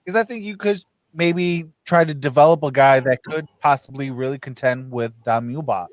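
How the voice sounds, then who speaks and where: A man hosting a casual sports podcast, talking fast with frequent restarts and laughs. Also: medium pitch, dry recording, studio quality. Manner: stammers and restarts, laughs often. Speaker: podcast host.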